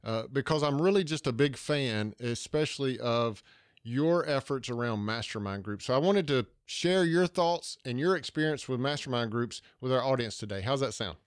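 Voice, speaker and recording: A man's voice: medium pitch, animated, moderate pace, smooth, no room sound, studio quality. Earnest Southern man hosting a podcast. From Georgia, US. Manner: earnest, restarts phrases. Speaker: podcast host. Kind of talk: podcast interview.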